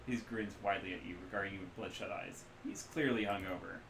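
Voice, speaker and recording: A man's voice: low voice, fast talker, noisy background. Easygoing man narrating a tabletop game. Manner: casual, apologetic asides between read-out scene text. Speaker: game master. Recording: roomy echo with faint ambience.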